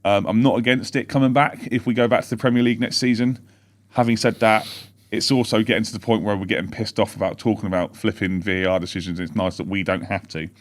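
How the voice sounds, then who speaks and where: A fast-talking man with a lowish voice co-hosts a casual live podcast from home. He retells match moments in long, rambling runs. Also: fairly even intonation. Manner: rapid, rambling storytelling of match events. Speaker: podcast co-host. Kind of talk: casual live-stream chat.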